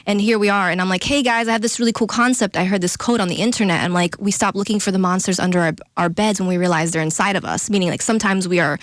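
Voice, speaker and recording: A young woman guest on a radio show, talking in a quick, chatty way with lots of "like" and "you know". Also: on the low side, steady tone, no room sound, clean studio sound. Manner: fast, chatty, heavy use of "like". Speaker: guest singer-songwriter. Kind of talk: casual radio interview chat. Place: radio studio.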